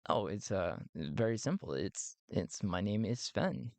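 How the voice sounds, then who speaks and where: A man's voice: fairly low pitch, sing-song, vocal fry, a little mellow, dry recording, voice pushed down, exaggerated voice. Man doing a stiff, nervous smuggler. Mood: evasive. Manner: halting, overly formal.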